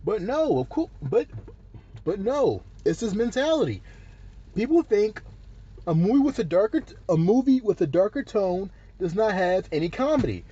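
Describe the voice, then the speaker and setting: Man, vlog rant, emphatic, repetitive, slightly high pitch, dull lo-fi sound. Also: sing-song, moderate pace, mellow, slightly rough. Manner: emphatic, repeats his points, restarts often. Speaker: vlogger. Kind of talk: opinion rant to camera.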